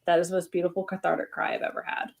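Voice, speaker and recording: A woman's voice: on the low side, flat delivery, racing, gravelly. A woman co-hosting a podcast, rambling effusively in casual chat. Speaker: podcast co-host.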